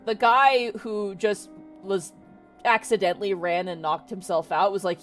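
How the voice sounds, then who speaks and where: A woman's voice: medium pitch, fairly even intonation, unhurried, faint music behind. A woman running a tabletop game as game master, narrating in a chatty way full of "kinda" and "like".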